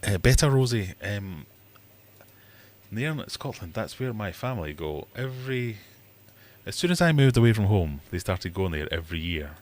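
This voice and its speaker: A man's voice: lowish voice, very animated, moderate pace. A middle-aged man hosting a casual livestream chat, rambling jokily with self-mocking asides and acting out other people's voices. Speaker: livestream host.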